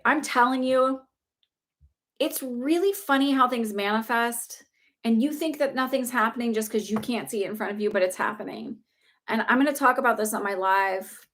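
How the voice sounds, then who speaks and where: Woman, young adult, psychic medium, casual livestream talk, reassuring, filler-heavy. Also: on the high side. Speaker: psychic medium giving live readings.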